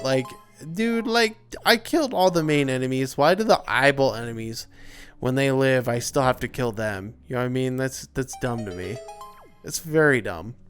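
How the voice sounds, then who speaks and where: This let's play commentator is a young man with a clear, resonant, mid-range voice; his gameplay talk is loose and wandering, peppered with fillers and yawns as he drags along tiredly.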